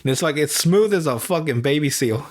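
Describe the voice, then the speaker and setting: A man hosting a podcast, retelling a show in a rambling, profane, animated way. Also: a little high, fairly quick. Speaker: podcast host. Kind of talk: casual show recap.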